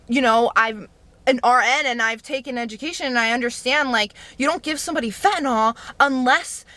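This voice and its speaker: A young woman talking to camera in a casual storytime monologue, animated and profane, acting out what people said. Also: fairly high pitch. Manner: animated, profane, acts out quotes. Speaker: vlogger telling a personal story.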